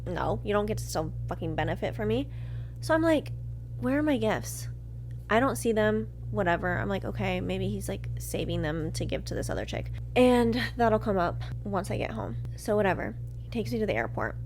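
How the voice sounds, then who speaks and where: A female podcast host with an animated mid-range voice speaks at normal speed, slight background noise behind her, as she relates a candid story about herself. Swearing freely, she acts out her reactions, swinging from quiet murmurs to loud outbursts.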